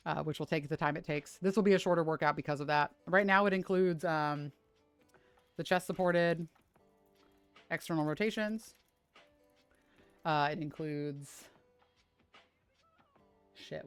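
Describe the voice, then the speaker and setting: A woman's voice: low-pitched, clear, resonant tone. A woman fitness streamer chatting casually on a livestream, swearing freely and ranting with lots of "like".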